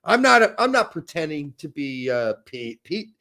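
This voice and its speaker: A man's voice: fairly high pitch, big pitch swings, normal speed, vocal fry, pushed and bright. A man hosting a casual live stream, joking and teasing his co-host.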